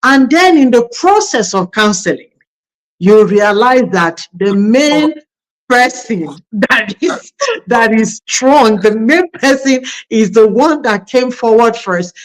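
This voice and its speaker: A woman's voice: a little high, animated, slow, poor audio. A woman, a pastor hosting a conversation about marriage, telling anecdotes in a reflective way with many fillers. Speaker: pastor and host.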